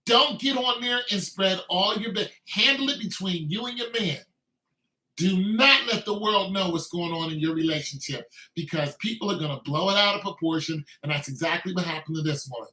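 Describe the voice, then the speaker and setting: A man's voice: sits high, moderate pace, bright, forceful tone. A man delivering an emphatic, repetitive, scolding rant as a video commentator. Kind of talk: ranting commentary. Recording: echoey room.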